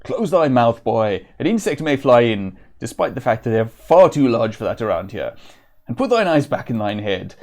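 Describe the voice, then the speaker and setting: A man's voice: medium pitch, very animated, moderate pace, darkish tone. A man playing a dry mock-stern companion. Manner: archaic, mock-stern teasing.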